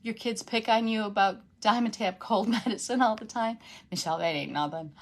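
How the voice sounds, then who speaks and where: A woman's voice: on the high side, a little slow, slight background noise. A woman with a runny nose, hosting a casual craft livestream, chatting with viewers as she works and laughing often.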